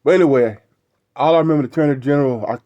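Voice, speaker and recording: A man's voice: fairly high pitch, rapid-fire, mellow, dry recording, lo-fi sound. Middle-aged man telling a rambling story. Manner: rambling, repeats words, tags lines with "right?". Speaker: show host. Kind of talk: casual storytelling monologue.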